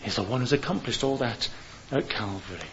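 A man's voice: mid-range voice, brisk, fairly bright tone. A man preaching an evangelistic sermon in an earnest way, building to fervent appeals. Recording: dull hissy recording.

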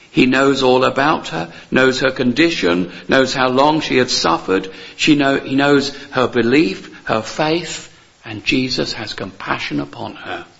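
A man's voice: mid-range voice, vocal fry, a bit bright, muffled recording. A man preaching a sermon in an earnest, emphatic way, repeating key phrases and asking rhetorical questions.

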